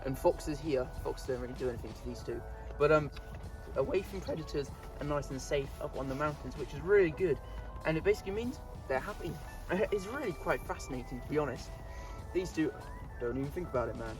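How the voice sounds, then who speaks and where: A man's voice: a little high, lively intonation, a little fast, over music. A man chatting casually to camera outdoors in a goat pen, laughing often and scolding his animals. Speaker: vlogger. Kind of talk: casual vlog talk.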